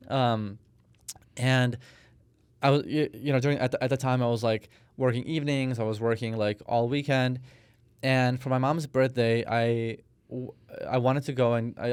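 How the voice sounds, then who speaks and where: A man in his thirties, born in Russia, talks through his story as a podcast guest, stopping and restarting often. His voice is smooth and clear. The mic is close and the sound is dry, with no room around it. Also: mid-range voice, fairly even intonation, brisk, a little mellow, no echo. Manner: storytelling, hesitant with many restarts and fillers. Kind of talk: conversational interview.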